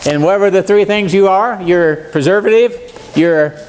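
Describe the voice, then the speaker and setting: An American man in his seventies, with a high, slightly mellow voice and a moderate pace, is a guest preacher giving a seminar sermon in a church meeting room. He's folksy and joking, and often puts questions to his audience.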